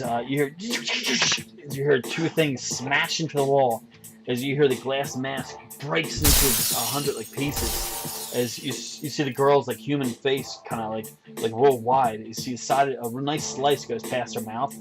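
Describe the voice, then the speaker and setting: A man running a tabletop game as game master, narrating in a rambling way with many fillers. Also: medium pitch. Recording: background music.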